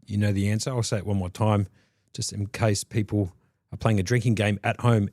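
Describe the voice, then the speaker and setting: A man, fairly low in pitch, gives jokey play-by-play on a live poker stream. He sounds close and dry, with no room around him. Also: flat delivery, fairly quick, a little mellow, dry recording. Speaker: poker commentator. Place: commentary booth.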